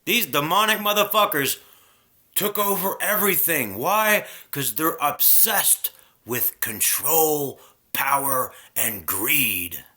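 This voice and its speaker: A man delivering a heated, profane spiritual rant straight to camera. His voice is bright and forceful, and its pitch swings widely as he preaches. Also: expressive, slow.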